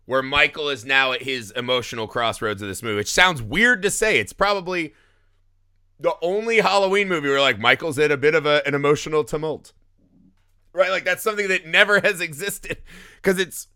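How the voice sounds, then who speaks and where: A man's voice: a little high, fairly quick, clear, resonant tone, no room sound, studio quality. A man hosting a podcast, talking casually and animatedly about a horror film, often tagging his points with "right?". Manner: animated, tags lines with "right?". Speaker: podcast host.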